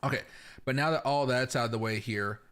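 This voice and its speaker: A man's voice: mid-range voice, fairly quick, fairly bright tone, clean tone. A man hosting a casual crypto livestream from home, chatty and rambling, talking straight to his viewers.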